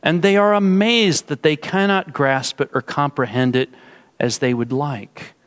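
A male pastor giving a sermon and closing in prayer, with slow, measured phrasing and drawn-out emphasis. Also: on the high side, a bit bright.

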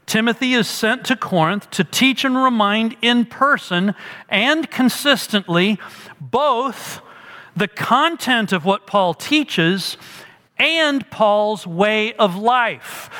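High, bright-voiced preacher in a reverberant hall. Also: male voice, animated, takes it slowly. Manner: earnest expository preaching, with emphatic quoted lines. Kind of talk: sermon.

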